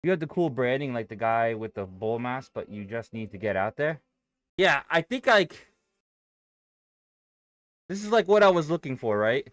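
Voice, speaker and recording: A young man talks loosely into a close desk mic, thinking aloud and cursing as he goes. His pitch swings around a lot, and the sound is dry and close. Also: expressive, normal speed, pauses often, a bit bright, no room sound. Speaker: day trading streamer. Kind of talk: casual live-stream chat, reading viewer comments.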